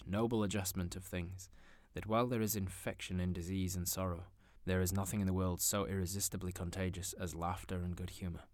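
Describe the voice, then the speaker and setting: A man narrating a classic story in an expressive, theatrical manner. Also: sits low, no echo. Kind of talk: audiobook narration.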